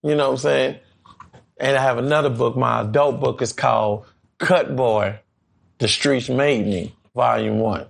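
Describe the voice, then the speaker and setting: Casting note: male guest from New Orleans, gravelly and relaxed, mid-pitched. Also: unhurried. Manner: laid-back, repeats "you know what I'm saying". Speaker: author and rapper guest. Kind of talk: casual interview chat.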